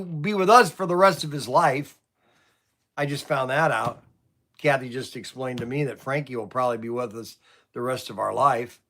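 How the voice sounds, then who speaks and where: A man's voice: on the high side, bright, forceful tone. A middle-aged man who owns a toy shop, rambling and stammering through livestream stories and frustrations. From Ohio. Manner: stammering, restarts often, venting.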